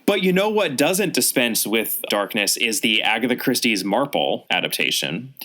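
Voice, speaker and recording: A man co-hosting a podcast, chatting about a mystery novel in an animated, wry, gossipy way. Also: mid-range voice, normal speed. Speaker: podcast co-host. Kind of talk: casual chat review.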